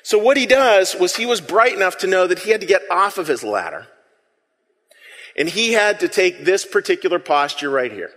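Animated high-voiced man preaching in a hall. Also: moderate pace. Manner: conversational, asks the congregation to respond. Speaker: pastor. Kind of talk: sermon. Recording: long reverb of a large room.

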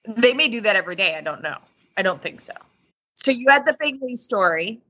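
Bright-voiced woman musing aloud. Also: medium pitch, expressive, fairly quick, muffled recording. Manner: musing, playful, full of hypotheticals. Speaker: podcast co-host. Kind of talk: casual chat.

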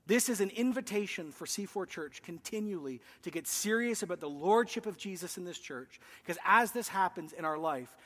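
A male pastor preaching a sermon, emphatic, swinging between loud declarations and hushed asides. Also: high voice, animated, moderate pace, few pauses, in a large hall. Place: church.

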